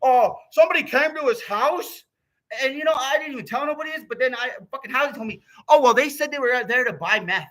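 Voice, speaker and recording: An American man vents on his vlog in a heated, rambling rant, swearing at every turn. His voice sits high for a man, with a bright, forceful edge. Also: fast talker, few pauses. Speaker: YouTuber.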